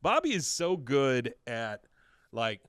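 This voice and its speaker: A man's voice: medium pitch, very animated, takes it slowly, a bit bright, smooth, dry recording, clean studio sound. A man hosting a podcast, casually retelling scenes and quoting characters in shifting voices. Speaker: podcast host recapping an episode. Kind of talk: casual chat.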